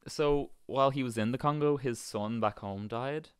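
A man's voice: mid-range voice, normal speed, clear, resonant tone. A young man with a Dublin accent, co-hosting a podcast and telling a story casually. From Dublin, Ireland. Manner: relaxed storytelling with swearing. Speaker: podcast host.

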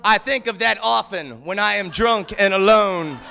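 A man's voice: high-pitched, moderate pace, creaky, bright, forceful tone, clean tone, faint music behind. A man telling stand-up stories from a theater stage, loose and rambling, tacking "man" onto his lines. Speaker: comedian. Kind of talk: stand-up storytelling.

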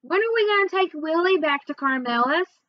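A woman's voice: extremely high pitch, sing-song, moderate pace, no room sound, lo-fi sound, voice pushed up. A woman reading aloud, voicing a worried young boy who keeps asking anxious questions. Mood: pleading.

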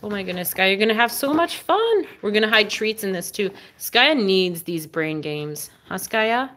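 A woman hosting a casual livestream, who talks to her dog in a high sing-song voice, drops low for asides and exclaims and laughs often. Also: big pitch swings, normal speed, a bit bright.

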